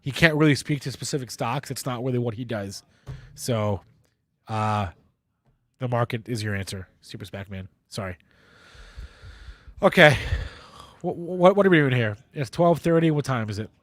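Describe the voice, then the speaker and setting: A man's voice: medium pitch, moderate pace, pauses often, dry recording. A man hosting a live market show, congested with a stuffy nose and rambling in a self-deprecating way. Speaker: livestream host.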